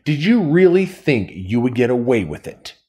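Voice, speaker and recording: A man's voice: medium pitch, very animated, moderate pace, darkish tone, pitched above the performer's own voice, lightly acted. A man voicing a sinister woman teacher who is secretly a winged monster, speaking in a menacing, threatening way.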